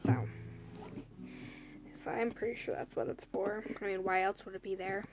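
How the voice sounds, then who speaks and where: A woman's voice: mid-range voice, fairly even intonation, normal speed, noisy background. A young woman casually telling a personal story to the camera, chatty and rambling, full of "like" and "you know". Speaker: vlogger.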